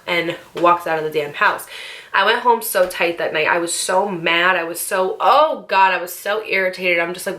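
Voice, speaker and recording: A woman's voice: on the low side, quick pace, a bit bright. A young woman vlogger telling a storytime tale in a chatty, dramatic way, with slang and swearing. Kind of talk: casual storytime monologue.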